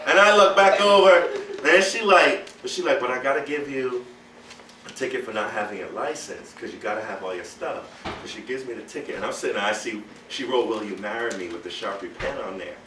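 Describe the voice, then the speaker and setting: A man casually telling a group how he got engaged, animated, acting out what everyone said and often laughing. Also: medium pitch, a little fast, a little hiss or hum. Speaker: groom-to-be telling his engagement story. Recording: roomy, mic far off.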